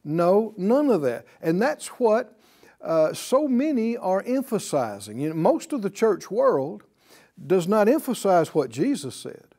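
A man's voice: sits high, darkish tone. A man teaching a Bible class, emphatic and fond of repeating key words and asking his listeners rhetorical questions.

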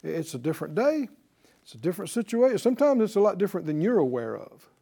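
A man's voice: high-pitched, big pitch swings, quick pace, creaky, dark tone, husky. A man teaching a Bible lesson in sermon style, emphatic and putting rhetorical questions to his listeners.

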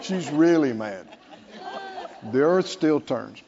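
A man preaching a sermon, lively and playful, acting out scripture scenes with laughter. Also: on the high side, slow, gravelly, a faint crowd. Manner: animated, acts out Bible figures with laughter. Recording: lo-fi recording in a reverberant hall.

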